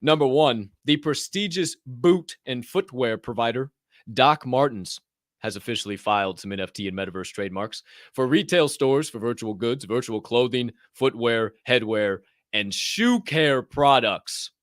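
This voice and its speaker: A man hosting a podcast, running through news in an animated, joking way, swearing and ranting as he goes. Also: medium pitch, moderate pace, no room sound, clean studio sound. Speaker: podcast host. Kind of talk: energetic news rundown.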